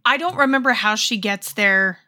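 A woman's voice: medium pitch, normal speed, sharp tone. A woman co-hosting a casual podcast, chiming in with short reactions and agreement. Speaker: podcast co-host. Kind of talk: casual chat.

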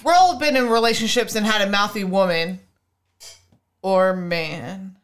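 A woman's voice: mid-range voice, unhurried. A woman co-hosting a casual chat, teasing and blunt.

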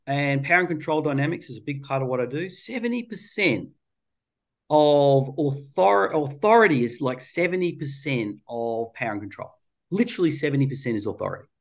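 A middle-aged man speaking as a child therapist, telling a story with a lively, swooping voice. His talk is colloquial and playful, and his pitch sits a little high. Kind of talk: interview storytelling.

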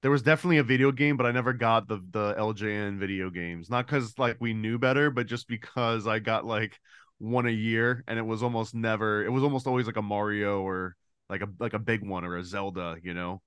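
Man, smooth voice, lowish pitch, casual podcast guest, explanatory. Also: fairly even intonation, fairly quick, fairly bright tone, dry recording. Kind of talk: casual chat.

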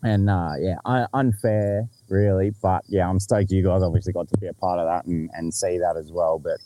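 An Australian man with a low, mellow voice tells a story on a podcast in a relaxed, unhurried way. He swears freely and laughs through his own story. A faint hiss sits under the recording. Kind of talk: casual storytelling chat.

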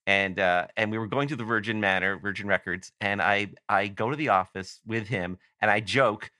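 Bright-voiced Canadian man rambling through a story. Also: fairly low pitch, brisk, dry recording, studio quality. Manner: rambling, self-interrupting storyteller. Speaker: podcast guest. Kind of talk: casual anecdote telling.

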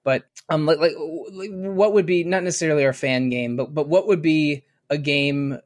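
A man's voice: a little high, moderate pace. Thoughtful man in casual podcast chat. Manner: thoughtful, rambling, with many restarts and fillers. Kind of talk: casual podcast chat about a video game.

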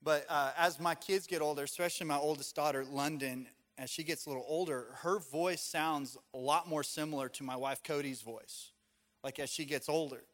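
A man's voice: fairly high pitch, fairly even intonation, moderate pace, fairly bright tone. A man preaching a sermon as a pastor, talking casually and telling stories with everyday fillers. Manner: conversational, storytelling with casual fillers.

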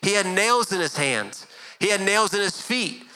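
A pastor in middle age delivers a sermon in a very bright, ringing voice. He talks earnestly and conversationally, often doubling back on his words, and his pitch sits a little high for a man. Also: lively intonation, normal speed, clean tone, low-quality recording.

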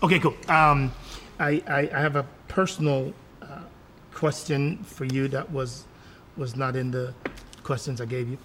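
A man's voice: medium pitch, fairly even intonation, measured pace, a bit bright, slight background noise. A man hosting a parenting podcast, asking questions and affirming his guests often. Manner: affirming, frequent mm-hmms and praise. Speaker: podcast host. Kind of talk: interview hosting.

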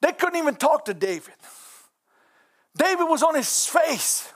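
High-voiced, fervent male preacher. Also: very animated, moderate pace. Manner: impassioned, fervent exclamations, rising to shouts. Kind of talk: sermon.

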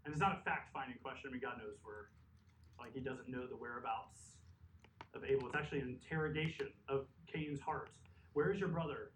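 A pastor with a mid-range, somewhat bright voice preaches fairly quickly, earnest and emphatic, with conversational asides. The echoey hall mic sits at a distance and adds a little hiss or hum.

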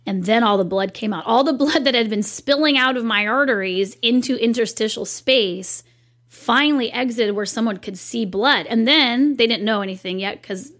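A woman in her thirties, a guest and company owner, telling a personal story in an animated, chatty way in a casual interview. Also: on the high side, normal speed.

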